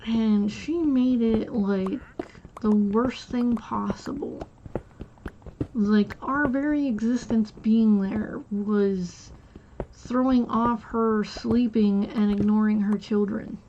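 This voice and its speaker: A woman's voice: on the high side, takes it slowly, warm tone. A woman streamer telling a rambling personal story in casual chat, acting out the quotes of each person in it. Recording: dull lo-fi sound with faint noise.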